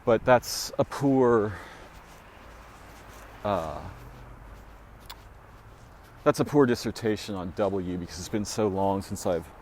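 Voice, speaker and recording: Rambling man musing slowly aloud. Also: fairly low pitch, darkish tone, a little hiss or hum. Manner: rambling and speculative, with frequent fillers and restarts. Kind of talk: solo spoken musing recording.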